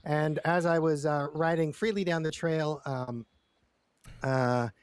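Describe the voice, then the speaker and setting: A man's voice: on the high side, steady tone, slow pace, clear, resonant tone, no room sound. A man telling a long story in character during a roleplay session, rambling and stammering with lots of repeated words and casual swearing.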